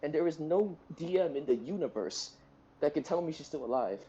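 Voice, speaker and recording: A man in a casual tabletop game session, venting loudly and emotionally with plenty of swearing. His pitch rises and falls in wide, lively swings as he rants. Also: fairly quick, muffled recording, a little hiss or hum. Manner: emotional, profane, ranting. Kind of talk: casual chat.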